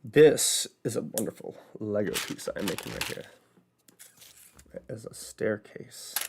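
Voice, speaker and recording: A man's voice: fairly low pitch, lively intonation, unhurried, vocal fry, background noise. A man hosting a casual livestream from home, chatting in a rambling way with plenty of fillers. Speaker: host. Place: home, building bricks.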